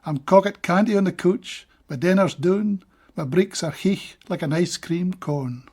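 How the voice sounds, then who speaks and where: A Scottish man giving a measured, deliberate poetry reading of his own translations, with brief plain-spoken asides between poems. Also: sits high, darkish tone, breathy edge.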